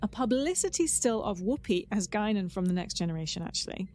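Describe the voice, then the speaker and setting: A woman's voice: mid-range voice, lively intonation, a little fast, darkish tone, slight background noise. A woman co-hosting a casual podcast, chatting with enthusiasm and a lot of "um" restarts. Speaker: podcast co-host. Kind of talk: casual chat.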